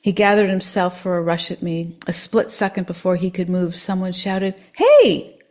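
A woman reading a first-person story aloud in an expressive, measured way. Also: lowish voice.

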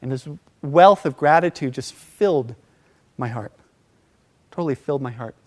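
A middle-aged man telling a personal story in a relaxed, casual way, acting out quoted voices and laughing between lines. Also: medium pitch, normal speed.

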